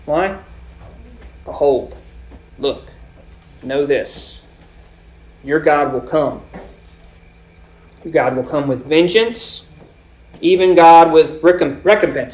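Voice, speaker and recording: A man preaching a sermon, explaining scripture with swells and sudden drops in loudness. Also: a little high, measured pace, long pauses. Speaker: pastor.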